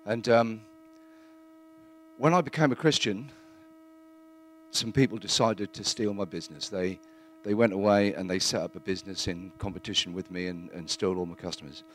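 A man giving a plain-spoken, earnest testimony in church, halting now and then with fillers. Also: low voice, a little hiss or hum.

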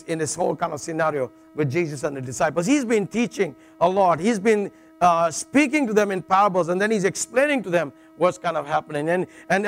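A middle-aged man preaching to a congregation in a relaxed, joking manner. His voice sits a little high for a man, and he keeps checking in with his listeners. A low mains hum runs under the recording. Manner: jokey, conversational, with frequent "all right" asides and restarts. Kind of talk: sermon.

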